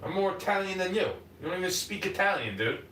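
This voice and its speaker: Play a ranting New York man, high and lively. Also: fast, recorded from a distance, slight background noise. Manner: combative, swearing, jumps between muttering and shouting. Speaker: livestreamer. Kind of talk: profane ranting monologue. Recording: roomy, off-mic, faint ambience.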